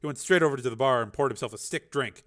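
A man narrating a thriller audiobook in an expressive, dramatic way. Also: medium pitch, fast talker. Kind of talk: scripted narration.

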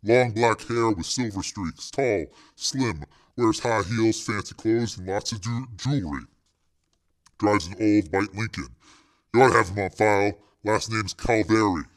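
Man doing a low, hard-edged hitman, clipped and menacing. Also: measured pace. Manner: clipped street dialect, menacing. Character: tough, menacing male hitman named Ice. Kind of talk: reading a crime novel aloud.

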